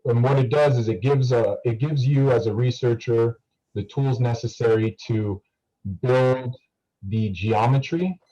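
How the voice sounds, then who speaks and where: A man's voice: mid-range voice, steady tone, unhurried, dark tone, lo-fi sound. A young man talking casually to a class over a video call, rambling with many fillers and restarts. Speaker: student guest speaker.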